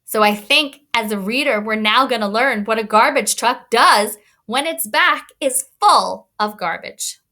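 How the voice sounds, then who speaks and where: A woman's voice: fairly high pitch, unhurried, hardly any pauses, pushed and bright. A woman teacher giving a read-aloud lesson to young children, encouraging and thinking aloud as she explains.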